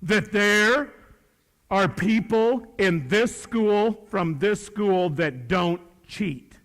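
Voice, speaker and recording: A middle-aged man, a teacher, giving a folksy, animated motivational talk to students, acting out bits of dialogue. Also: high-pitched, extremely slow. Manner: folksy, animated, acts out dialogue with shifting voices. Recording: reverberant hall.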